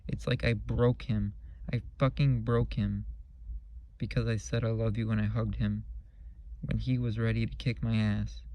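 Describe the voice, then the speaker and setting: A man hosting his own channel, talking casually about spirituality in a rambling, earnest, profane way, and saying his energy is low. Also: flat delivery, a little slow, mellow, low-quality recording. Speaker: channel host. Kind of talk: casual spiritual vlog monologue.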